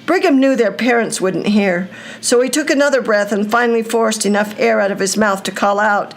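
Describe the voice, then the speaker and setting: An older woman reading a children's story aloud, with a slow, deliberate storytelling delivery. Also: medium pitch.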